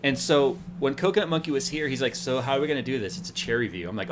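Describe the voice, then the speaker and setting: Tech show host guy, chatty and animated, bit of hiss behind him. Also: medium pitch, fast talker. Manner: animated storyteller acting out quotes. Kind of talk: casual chat.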